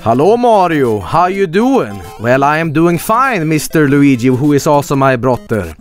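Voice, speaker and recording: A man putting on goofy Swedish Mario brothers, talking slowly and loudly with a put-on Swedish accent. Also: fairly high pitch, sing-song, soft background music. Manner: slow, exaggerated, loud comic delivery.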